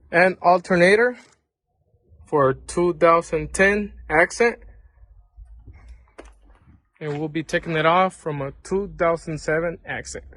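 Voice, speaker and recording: A man's voice: a little high, fairly bright tone. A man mechanic talking casually as he walks through a car repair, explaining parts and prices in a plain, informal way. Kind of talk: casual how-to repair vlog.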